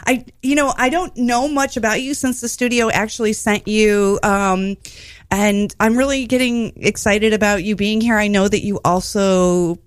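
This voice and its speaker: A woman's voice: mid-range voice, steady tone, moderate pace, dry recording, clean studio sound. Rambling, joking woman radio host. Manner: rambling, joking, many fillers. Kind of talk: casual comedy radio chat. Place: radio studio.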